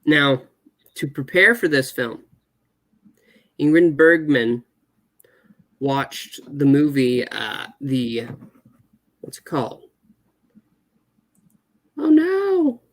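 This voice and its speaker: A man's voice: medium pitch, steady tone, slow, pauses often, a bit bright. A man co-hosting a movie reaction show in casual chat. He speaks hesitantly, with many fillers.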